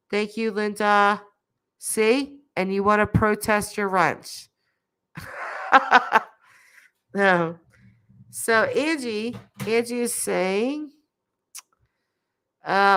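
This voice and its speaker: Her voice sits in the mid range, a bit bright, clear and resonant, though stuffed up and nasal from a cold. This thirty-something woman coughs her way through a casual live stream, reading viewer comments aloud, laughing often and filling pauses with plenty of fillers.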